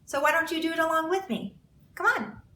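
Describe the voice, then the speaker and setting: A children's librarian reading a picture book aloud to kids in a gentle, clear and unhurried manner. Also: female voice, extremely high pitch, expressive, slight background noise.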